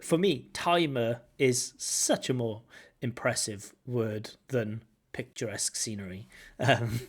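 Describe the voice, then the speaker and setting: A man working as a language examiner, giving lively spoken feedback on a candidate's test, recorded over a video call. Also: medium pitch, takes it slowly, breathy edge. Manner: animated, acts out intonation with singsong syllables.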